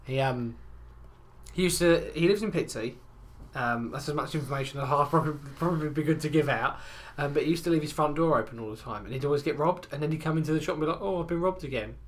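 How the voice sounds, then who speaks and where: A man's voice: on the high side, fast. A man telling rambling stories in a casual chat, laughing and swearing as he goes. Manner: rambling, laughing, swearing, does voices of customers.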